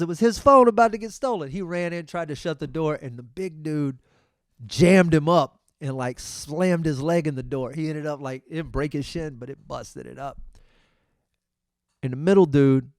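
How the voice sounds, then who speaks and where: Man, middle-aged, podcast host, animated storytelling, slightly high voice, dry close mic. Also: no echo. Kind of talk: casual storytelling monologue.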